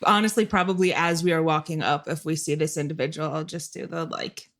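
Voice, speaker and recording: A player chatting casually at a tabletop game, playful and quick to laugh. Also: mid-range voice, steady tone, fairly bright tone. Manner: giggly, playful.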